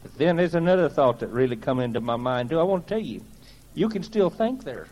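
A man's voice: a little high, expressive, brisk, a little mellow, poor audio. A man giving a personal testimony to a gathering, telling it in a plain-spoken, folksy way with earnest conviction.

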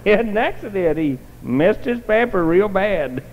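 Folksy preacher, higher-pitched man. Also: lively intonation, normal speed, slight background noise. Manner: homespun storyteller, colloquial. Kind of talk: folksy sermon testimony. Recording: dull lo-fi recording in a reverberant church hall.

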